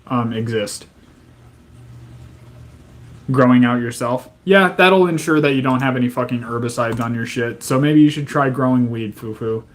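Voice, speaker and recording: A mid-range male voice belongs to a live streamer who reads messages from his chat and launches into profane, exasperated rants that remain angry yet joking.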